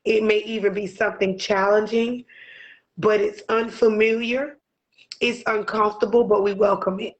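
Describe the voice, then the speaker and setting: A woman's voice: medium pitch, flat delivery, moderate pace, lo-fi sound. A woman co-hosting a podcast, voicing heartfelt, near-tearful gratitude and repeating her phrases. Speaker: podcast co-host. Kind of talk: emotional podcast chat.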